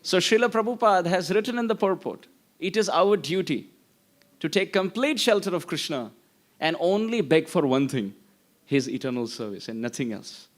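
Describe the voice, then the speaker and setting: A man's voice: sits high, normal speed. A man giving a devotional lecture, telling stories with acted-out voices and chanting Sanskrit verses. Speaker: preacher.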